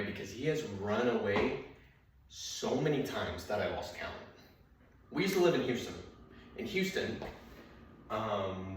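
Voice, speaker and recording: A man's voice: lowish voice, a little hiss or hum. A young man doing stand-up comedy, telling a rambling, profane story and acting out his dad and his dog. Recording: very echoey room, mic at a distance.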